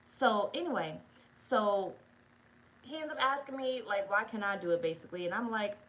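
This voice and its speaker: A woman's voice: mid-range voice, normal speed, fairly bright tone, low-quality recording. A woman telling a rambling story time in casual chat, blunt and full of swearing. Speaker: tarot reader.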